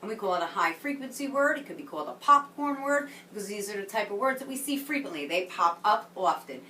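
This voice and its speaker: A woman teaching a reading lesson to young children, speaking slowly and clearly in an encouraging way, in an echoey room with the mic at a distance and a faint hum behind her. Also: medium pitch, expressive, bright, forceful tone. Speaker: kindergarten teacher.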